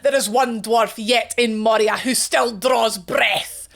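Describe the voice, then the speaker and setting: A woman voicing a gruff, defiant male dwarf warrior in a storybook reading, speaking slowly and low. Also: steady tone, a bit bright, full character voice.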